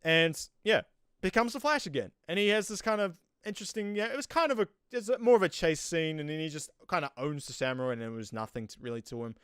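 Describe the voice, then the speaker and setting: A man's voice: a little high, expressive, fast, fairly bright tone, smooth, no echo, clean studio sound. A man with a New Zealand accent giving a casual, rambling spoken review of a TV episode, with lots of filler words.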